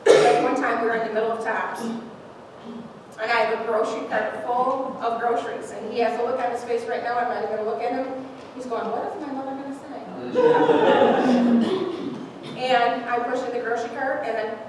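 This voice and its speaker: A woman in her forties gives a heartfelt personal testimony in a church sanctuary, laughing through tears. Her voice is fairly high and level, and she speaks briskly. The recording is noisy, with a distant mic and an echoey hall.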